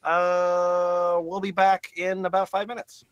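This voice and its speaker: A man hosting a casual comedy podcast, laughing often and breaking into loud outbursts between rambling fillers. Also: high-pitched, little pitch movement, slow pace, clean tone, dry recording, lo-fi sound. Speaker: podcast host.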